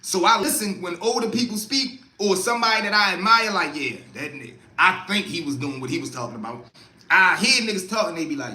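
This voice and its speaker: A man's voice: sits high, lively intonation, fairly quick, pushed and bright, roomy sound. A young man telling a story to a live stream chat in a casual way, acting out other people's voices as he goes. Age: young adult. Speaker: livestream storyteller.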